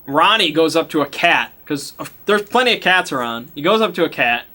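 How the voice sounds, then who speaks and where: Bright-voiced man recapping a tabletop game. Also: a little high, expressive, normal speed. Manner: laughing, casual swearing, slangy. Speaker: game master. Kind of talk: casual retelling of a tabletop game session.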